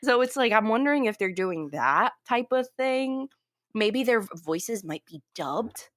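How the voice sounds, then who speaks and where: A woman co-hosting a film podcast, chatting casually with quick asides. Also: a little high, expressive, dry recording. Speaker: podcast co-host.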